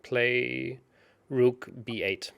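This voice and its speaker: A man talks slowly through a chess puzzle, thinking aloud and often stopping to correct himself. His voice has a gravelly, creaky edge. He pokes fun at his own mistakes. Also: medium pitch, fairly even intonation, a bit bright. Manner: thinks aloud, hesitant, self-mocking. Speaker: chess co-host solving puzzles. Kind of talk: casual puzzle-solving chat.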